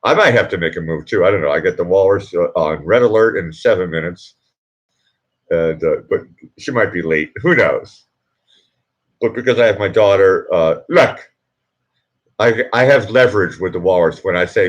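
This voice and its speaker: A man's voice: low-pitched, moderate pace, dull audio. A middle-aged man hosting a casual live stream, chatting with viewers in a rambling, self-interrupting way and chuckling at his own jokes. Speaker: livestream host.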